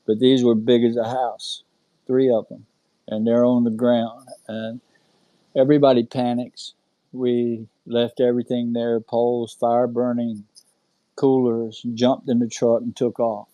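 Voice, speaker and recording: A middle-aged man with a Southern American accent, earnestly telling his own story in casual talk, with halting fillers and restarts. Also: mid-range voice, flat delivery, mellow, dry recording, rough recording. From North Carolina, USA. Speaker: guest telling his experience. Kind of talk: casual storytelling on a live audio chat. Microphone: home mic on an online audio space.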